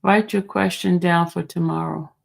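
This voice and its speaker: A woman's voice: fairly low pitch, fairly even intonation, normal speed, vocal fry. A woman hosting a casual livestream, chatty and teasing as she talks straight to her chat and reads their comments. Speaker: livestream host.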